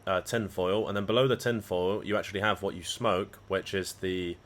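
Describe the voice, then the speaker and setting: Lowish voiced guy streaming, rambly casual chat, swears a lot. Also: steady tone, moderate pace, a bit bright. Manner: rambling, profane banter. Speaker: live trading streamer.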